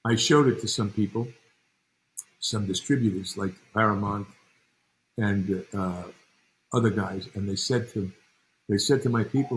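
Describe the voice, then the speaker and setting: A man's voice: on the low side, unhurried, pauses often, a little hiss or hum, rough recording. An older man from New York, a guest in an interview, telling long rambling stories and acting out the people in them. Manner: rambling anecdotes, acts out other people. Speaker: guest, actor and director. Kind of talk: relaxed interview storytelling.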